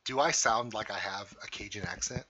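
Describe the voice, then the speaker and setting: A man's voice: fairly low pitch, fairly quick, bright, forceful tone. A man from Louisiana hosting a reaction video, giving emphatic casual commentary with rhetorical questions.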